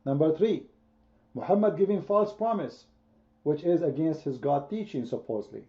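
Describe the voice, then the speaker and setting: A debate host's voice sits on the high side, mellow and at normal speed, over lo-fi sound. Leading a heated online debate, he speaks with emphasis, says his points again and again, and quizzes those listening.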